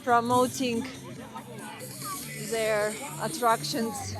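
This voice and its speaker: A woman's voice: on the high side, flat delivery, drawn-out words, crowd noise. A young Russian woman vlogging outdoors in winter with a Russian accent, chatting casually, exclaiming in wonder and hunting for English words. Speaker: travel vlogger. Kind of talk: casual travel vlog narration. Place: outdoors in a snowy city, in winter. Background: background music.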